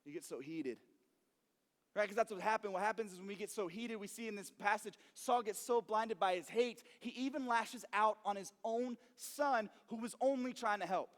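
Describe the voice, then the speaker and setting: A young man preaching to a youth group, lively and animated, who acts out every character in his story. His voice sits very high for a man. It rings with a long reverb from a large hall. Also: moderate pace. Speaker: youth pastor.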